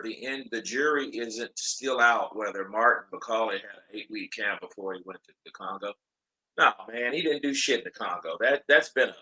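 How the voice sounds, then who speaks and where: Male boxing watch-along host, casual and excitable, mid-pitched, very bright and forceful. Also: low-quality recording. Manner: loose, chatty, excitable, swears casually. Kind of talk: casual live fight commentary and storytelling.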